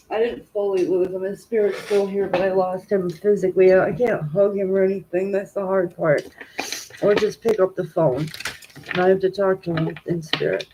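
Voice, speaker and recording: A grieving woman doing a live tarot reading. She talks directly to her viewers, tearful and emotional, in an ordinary mid-range voice. Light background noise runs under her. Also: medium pitch. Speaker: tarot reader.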